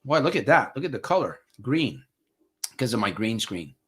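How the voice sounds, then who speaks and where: A man's voice: medium pitch, very animated, normal speed, fairly bright tone, faint music behind. A man hosting a live motivational broadcast as a recovery coach. He talks to viewers as friends in a preachy way, repeats his phrases for emphasis, and reads out viewer comments. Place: home studio with green screen.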